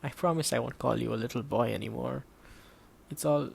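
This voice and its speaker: A man reading an audiobook in a steady, measured way, voicing the dialogue quietly. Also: mid-range voice, gravelly, a little hiss or hum. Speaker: audiobook narrator. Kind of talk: scripted audiobook narration.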